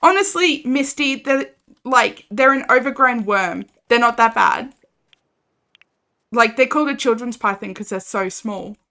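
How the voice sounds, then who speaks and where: A woman's voice: a little high, lively intonation, unhurried, vocal fry, pushed and bright. A young Australian woman chatting casually and animatedly while streaming a game, reading chat and laughing often.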